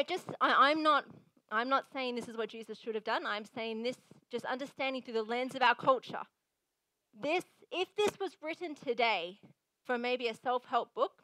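Young female pastor, high bright voice, dry close sound, chatty but emphatic sermon delivery. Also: no echo, low-quality recording. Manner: earnest, conversational preaching with emphatic repeats.

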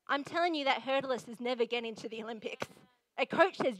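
High-voiced woman preaching with energy. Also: brisk, poor audio. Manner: energetic, emphatic, conversational preaching. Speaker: pastor. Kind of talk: sermon.

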